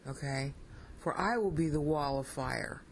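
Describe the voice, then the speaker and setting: A Bible teacher works through scripture in a lecture, speaking bluntly and emphatically. The voice sits at an ordinary middle pitch. The teacher keeps checking in with a questioning "okay?" between points. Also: measured pace, vocal fry, a little hiss or hum, rough recording.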